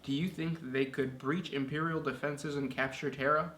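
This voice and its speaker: A man's voice: on the high side, fairly even intonation, moderate pace, a bit bright. A man co-hosting a casual chat and reading out listener questions in an easygoing way with many fillers. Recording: echoey room with faint noise.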